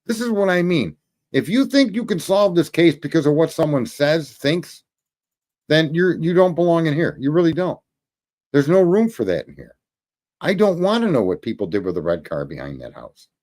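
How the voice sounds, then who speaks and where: Profane ranting man, lively pitch. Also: moderate pace. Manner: profane, combative, scolding chat commenters. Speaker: livestream host. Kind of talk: ranting livestream commentary.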